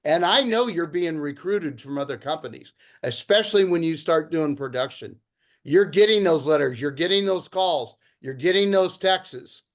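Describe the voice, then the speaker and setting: A middle-aged man hosting a video-call meeting, speaking in an enthusiastic, motivational way. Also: sits high. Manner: enthusiastic, pep-talk delivery. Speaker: meeting host.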